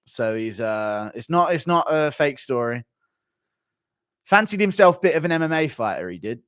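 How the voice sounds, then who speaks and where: A young man reading and answering viewer chat on a casual live stream, animated and joking, with some mild swearing. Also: a little high, moderate pace, no echo, muffled recording.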